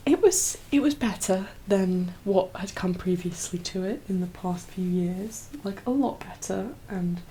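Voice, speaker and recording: A soft-spoken young woman, chatting in an ASMR video, slipping into whispers and teary as she rambles with many fillers. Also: medium pitch, measured pace, few pauses, a little hiss or hum, low-quality recording. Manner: rambling, full of fillers and laughs. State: teary, emotional. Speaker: ASMR creator.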